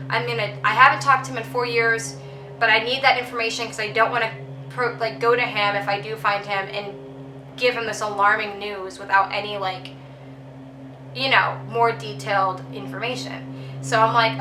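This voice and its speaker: A woman's voice: a little high, fairly quick, roomy sound, background noise. A young woman casually telling a personal story as a vlogger, chatty with lots of ums and you knows.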